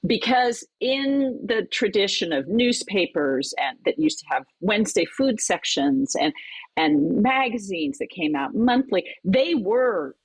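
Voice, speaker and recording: A woman who teaches cookbook writing, talking in an animated, conversational way as a podcast guest. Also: mid-range voice, measured pace, slightly rough, no room sound, low-quality recording. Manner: animated, lively storyteller with laughs. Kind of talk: conversational interview.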